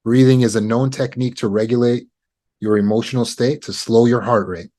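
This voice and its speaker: A man coaching on trauma recovery, teaching negotiation skills in a calm, measured way with deliberate pauses. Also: medium pitch.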